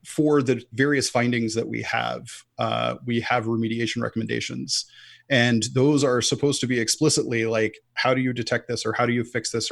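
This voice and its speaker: Guy with a gravelly voice chatting loose on a podcast, lots of "like", dry close sound. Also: mid-range voice, dry recording. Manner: loose and chatty, frequent "like" fillers. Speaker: podcast guest, offensive security lead. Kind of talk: casual conversational chat.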